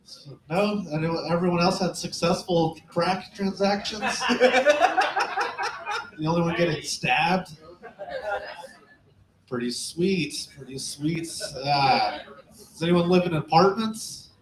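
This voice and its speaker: A man of twenty-eight doing a crude, deadpan stand-up set in a small club, asking the crowd questions. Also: fairly high pitch, a little slow. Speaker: stand-up comic. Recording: roomy club echo.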